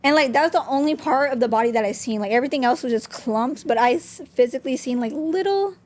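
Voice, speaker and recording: A woman's voice: high voice, fast, a little mellow. A young woman, a podcast guest, telling a personal story openly and candidly, with many "like" fillers. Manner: open, talks with frequent "like" fillers.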